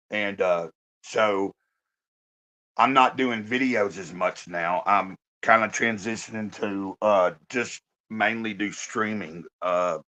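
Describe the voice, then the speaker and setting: A hoarse man in a halting, casual live-stream check-in, talking into his phone with many pauses and fillers. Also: lowish voice, a bit bright, rough recording.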